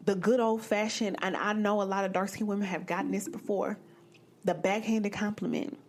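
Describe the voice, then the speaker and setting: A young woman from the American Midwest hosting a podcast, telling a personal story in a blunt, profane and animated way. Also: medium pitch, moderate pace. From Midwestern United States. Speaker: podcast host. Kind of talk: candid storytelling monologue.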